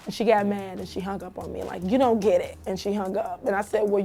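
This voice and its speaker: A young woman, an actress and comedian, telling family stories in a casual interview, animated and quick to laugh. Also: mid-range voice, faint music behind. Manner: animated, laughs easily, acts out family quotes.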